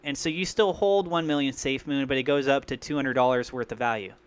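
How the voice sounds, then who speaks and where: A man hosting a crypto livestream, rambling and thinking out loud in an excitable way. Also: mid-range voice, fast talker, clean tone. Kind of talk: live-streamed crypto commentary.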